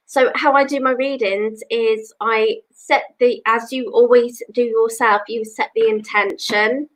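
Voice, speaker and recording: A woman's voice: on the high side, a bit bright, low-quality recording. Chatty English woman psychic on a live stream. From England. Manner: chatty, rambling, many "you know"s. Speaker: psychic reader. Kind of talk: live-stream chat with viewers. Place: home.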